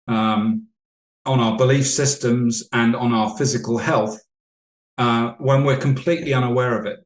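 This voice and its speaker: Male coach guest, mid pitch, measured storyteller, roomy echo. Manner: measured, explanatory, anecdotal. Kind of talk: podcast interview storytelling.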